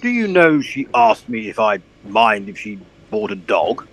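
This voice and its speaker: A man's voice: fairly low pitch, unhurried, exaggerated voice. A man playing a pompous, blustering old colonel who hunts for bargains. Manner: blustering, posh, excitable.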